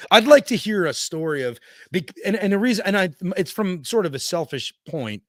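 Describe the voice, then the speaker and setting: A man's voice: high-pitched, sing-song, fairly quick, a bit bright, dry recording, clean studio sound. A man hosting a podcast, rambling and hunting for words as he builds up to a question. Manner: rambling, searching for words before asking. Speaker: podcast host. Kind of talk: casual interview talk.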